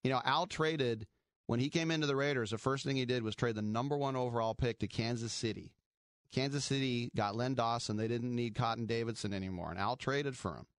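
A man's voice: mid-range voice, a little fast, no room sound, clean studio sound. A middle-aged man hosting sports radio, chatting in a wry, rambling way and laughing at his own jokes. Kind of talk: casual sports talk radio.

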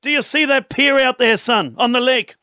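A man voicing a boastful old Irishman who built a bar, in a put-on Irish accent, slow and emphatic. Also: very high-pitched, clean tone, dry recording, studio quality, pitched above the performer's own voice. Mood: boastful, aggrieved. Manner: slow, emphatic, rising to shouts.

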